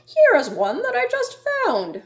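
A woman's voice: extremely high pitch, wildly swooping pitch, measured pace, vocal fry, pitched above the performer's own voice, exaggerated voice. A woman voicing an eager, friendly male raccoon in a children's storybook. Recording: echoey room.

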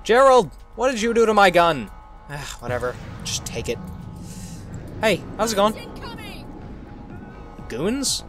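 A man giving jokey, animated let's-play commentary, exclaiming at the game, with faint game music behind. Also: sits high.

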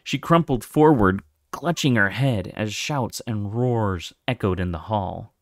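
A man narrating a fantasy novel aloud with expressive storytelling. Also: on the low side, a little slow, no room sound, studio quality. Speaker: audiobook reader.

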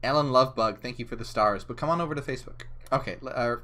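A drunk man hosts a livestream from a chilly indoor room, slurring, giggling and easily flustered as he rambles and reads out viewer comments. He talks fast, his medium-pitched voice pushed and bright.

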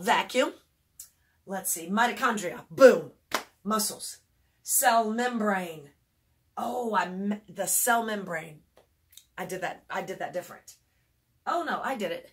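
A woman's voice: medium pitch, fairly bright tone. A woman casually walking parents through memory work, chatty and self-correcting, chanting and singing words while showing hand motions and dropping in mild faith phrases. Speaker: homeschool teacher reviewing memory work. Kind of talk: casual instructional walkthrough.

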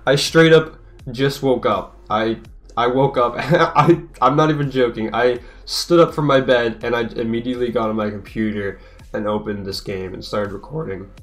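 A young man rambles restlessly through his gameplay commentary, swearing freely as he plays. His voice sits at an ordinary middle pitch. Faint game music plays underneath. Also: steady tone, moderate pace, a bit bright. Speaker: gaming streamer.

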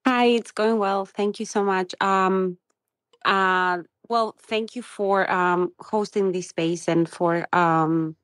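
A middle-aged woman, a caller asking a question on a live audio chat and pausing often with ums and uhs. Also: medium pitch, steady tone, fairly bright tone, no echo, clean studio sound. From Greece. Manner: hesitant, many ums and uhs.

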